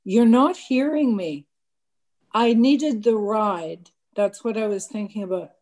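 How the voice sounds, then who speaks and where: Woman, mid-pitch, storytelling to a crowd, self-deprecating, acts out the lines, trips over restarts. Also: takes it slowly. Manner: candid, self-mocking storytelling with lively quoted dialogue; frequent stammered restarts. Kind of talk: personal anecdote told to a gathered audience.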